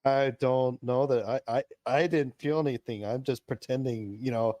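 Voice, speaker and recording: A man's voice: mid-range voice, fairly even intonation, normal speed, dark tone. A man playing a tabletop role-playing game, thinking aloud in a playful way. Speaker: player. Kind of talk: in-character tabletop role-play.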